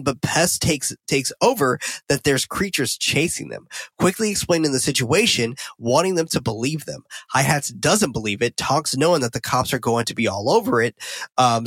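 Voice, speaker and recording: A man co-hosting a podcast, casually recapping a movie scene by scene, swearing freely and getting loud and excited when he jokes. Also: medium pitch, husky, dry recording. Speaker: podcast co-host recapping a film.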